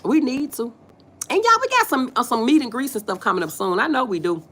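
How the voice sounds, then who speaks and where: Her voice a little high and her pace a little fast, a Southern US woman hosts an easygoing livestream. She reads comments from the chat aloud and responds in a lively, folksy, playful tone, laughing a lot.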